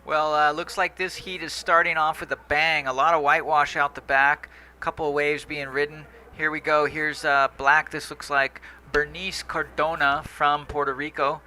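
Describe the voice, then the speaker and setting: A man from Hawaii doing live surf commentary, relaxed and pausing with fillers. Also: fairly high pitch, slight background noise.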